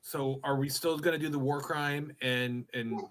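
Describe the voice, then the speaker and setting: A man playing a tabletop game, eagerly pitching tactics to the group. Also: fairly even intonation, normal speed, a bit bright. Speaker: player.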